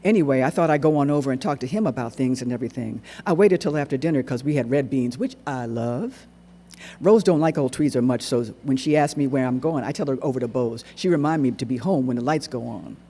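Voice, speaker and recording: A man performing a dramatic monologue on stage, narrating in an animated, dialect-rich storytelling voice. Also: mid-range voice, fairly quick, slight background noise. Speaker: solo performer. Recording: echoey hall recording.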